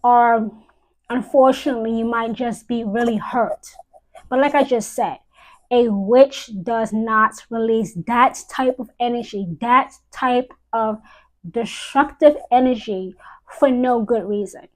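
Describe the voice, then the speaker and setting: Woman host for a live stream: slow, measured, solemn; leans on repetition. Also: fairly high pitch, steady tone, rough recording. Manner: solemn, repeats key phrases for emphasis. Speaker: witch giving a live-stream talk.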